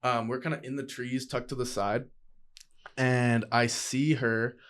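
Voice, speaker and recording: A young man, a podcast guest, telling a personal story in a casual, profane, slangy way, animated and acting out other people's voices. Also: mid-range voice, a little slow.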